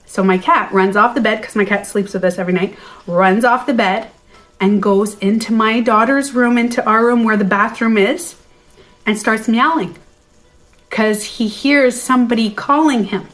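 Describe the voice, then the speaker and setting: Woman coach chatting on a phone live, bit high pitched, animated and blunt, swears a little. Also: normal speed, soft background music. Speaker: beauty and life coach. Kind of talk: livestream storytelling.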